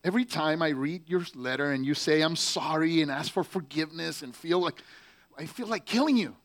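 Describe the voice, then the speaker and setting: A man reading aloud the letters of a Marine stationed overseas, slow and heavy with pauses. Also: fairly high pitch, fairly bright tone. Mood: bitter, furious. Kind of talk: letter read aloud in character.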